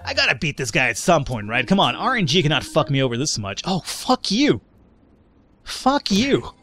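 A man giving casual commentary on a strategy game, quick to get frustrated and swearing often. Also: mid-range voice, big pitch swings, bright, forceful tone, faint music behind. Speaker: let's play gamer.

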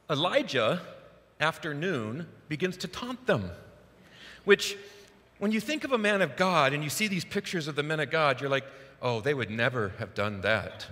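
A male pastor delivers a sermon with loose, conversational energy. His tone is bright and cutting, and a long reverb from the church sanctuary trails after him. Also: on the high side, normal speed. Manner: casual, conversational, animated.

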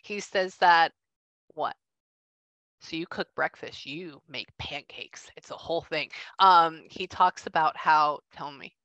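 Bright-voiced woman medium, lively and chatty. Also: sits low, no room sound, dull audio. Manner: relays messages in quick bursts, acts out what she is shown. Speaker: psychic medium. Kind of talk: casual reading session.

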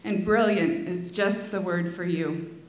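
A woman reading a heartfelt memorial tribute to her father, with soft laughs between lines, in a school auditorium. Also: lowish voice, fairly even intonation, a little slow. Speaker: daughter giving a eulogy. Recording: echoey hall.

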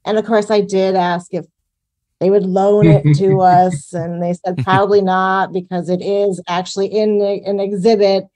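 A woman's voice: medium pitch, steady tone, moderate pace, dark tone. A woman, a guest in an interview, talking earnestly and gladly. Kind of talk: conversational interview.

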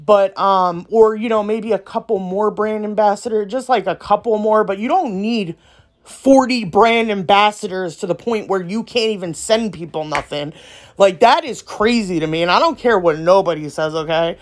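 A woman's voice: medium pitch, moderate pace. A woman nail artist and brand ambassador chatting casually to her viewers, rambling, slangy and outspoken. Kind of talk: casual vlog chat to viewers.

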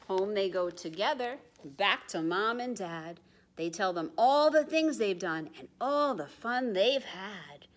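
A woman librarian reading picture books and rhymes aloud to young children, in a sing-song, expressive way that sometimes drops to a hush. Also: mid-range voice. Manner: expressive sing-song rhyming, dropping to hushed asides. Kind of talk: children's storytime read-aloud.

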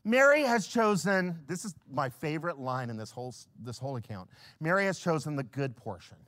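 A male pastor preaching a sermon, swinging from hushed lines to loud acted-out scenes. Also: on the high side, big pitch swings, fairly quick. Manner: acts out little scenes in quoted voices.

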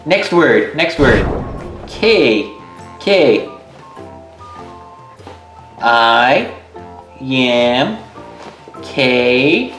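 A woman voicing a flustered male pony prince, stammering and excitable in a toy skit. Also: low-pitched, heavily acted. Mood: puzzled. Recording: roomy echo, faint music.

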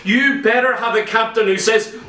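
A man preaches a fervent sermon, his voice unusually high and bright for a man. He throws himself into the stories, putting on the voices of the people in them. He is caught from a distance, with the church echo ringing around him. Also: normal speed. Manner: impassioned, acts out quoted voices in stories. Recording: echoey church from far off.

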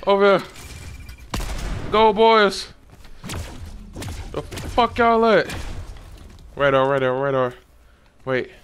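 Profane excitable young gamer guy. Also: high voice, slow, pauses often, slight background noise. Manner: loose, profane, excitable slang. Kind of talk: casual gameplay commentary.

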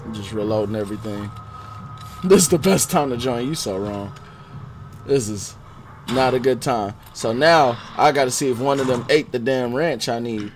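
A man streaming a game live, chatting casually with viewers in slang and swinging from low muttering to loud outbursts. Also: moderate pace, a little hiss or hum. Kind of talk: live gameplay commentary.

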